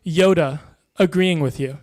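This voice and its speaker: Dry-voiced stand-up man, fairly high. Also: measured pace, a little mellow, slight background noise. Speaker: stand-up comedian. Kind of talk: deadpan one-liner stand-up.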